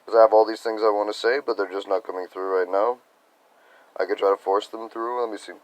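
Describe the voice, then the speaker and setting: A young man talking in a rambling personal video diary about spiritual reflections, sounding congested and tired, soft-spoken and hesitant. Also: fairly low pitch, fairly even intonation, brisk, no echo, poor audio. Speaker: vlogger sharing spiritual reflections.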